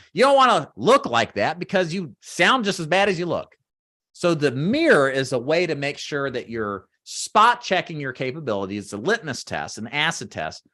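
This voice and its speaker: Animated man coaching sales agents. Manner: emphatic and animated, acts out sample phone pitches. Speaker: sales trainer. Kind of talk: training talk to agents. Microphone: webcam or desk mic on camera.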